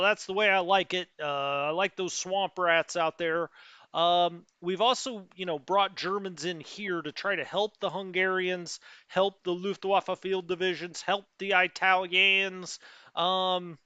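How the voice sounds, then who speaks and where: A man's voice: high voice, sharp tone, clear, resonant tone, no room sound. A middle-aged man hosting a strategy game let's play, chatting casually and rambling with lots of fillers as he greets viewers. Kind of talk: casual live gameplay commentary. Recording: dry, slightly dull lo-fi sound.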